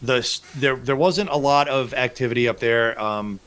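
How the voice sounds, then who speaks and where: A man's voice: mid-range voice, moderate pace, fairly bright tone, clean tone. Profane, rambling male podcast host. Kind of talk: casual fishing podcast chat.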